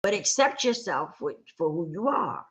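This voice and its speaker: Woman host, fairly low voice, earnest motivational livestream talk, repeats key lines, checks in with listeners. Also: sing-song, moderate pace. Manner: earnest, repeats her points for emphasis. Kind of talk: motivational talk to a live audience.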